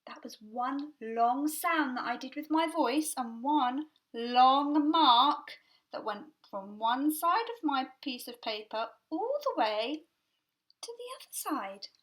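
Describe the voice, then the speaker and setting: A young woman leads a nursery music lesson in a high, lilting voice that swoops up and down. She speaks slowly and gently, often dropping to a soft whisper between playful sounds. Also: animated, poor audio. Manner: gentle, sing-song, playful vocal sounds. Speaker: music teacher.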